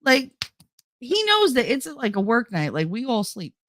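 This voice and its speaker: A woman's voice: a little high, measured pace, a little hiss or hum. A woman hosting her own show, chattily retelling a story and quoting what was said, while feeling unwell. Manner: chatty, animated retelling with quoted dialogue. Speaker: host. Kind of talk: casual storytelling chat.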